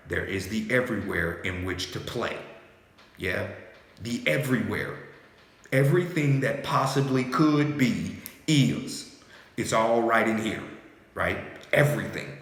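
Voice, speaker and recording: A man's voice: lowish voice, measured pace. A man giving a free-flowing spiritual monologue, with loose slangy talk and repeated "yes?" and "right?" tags to his listener. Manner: soothing repeated "calm down". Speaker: spiritual speaker. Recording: very echoey room with long reverb.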